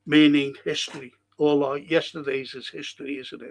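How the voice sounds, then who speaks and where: A man hosting a talk show, giving an impassioned monologue and reciting verse with slow, emphatic delivery and dramatic pauses. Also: a little high, little pitch movement, creaky. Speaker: radio show host.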